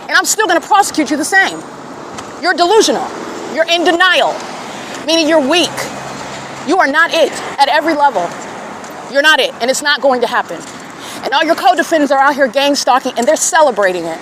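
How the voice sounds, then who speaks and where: A woman podcaster delivering a scornful, accusatory monologue outdoors in an urban square. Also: high-pitched. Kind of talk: confrontational monologue. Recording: clear traffic noise outdoors.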